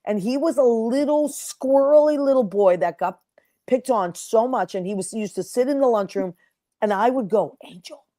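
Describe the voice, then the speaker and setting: A woman's voice: on the high side, moderate pace, mellow, no echo, clean studio sound. A woman hosting an interview show, telling heartfelt stories in a casual chat and acting out the people in them. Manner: emotional storyteller, acts out quotes. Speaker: podcast host.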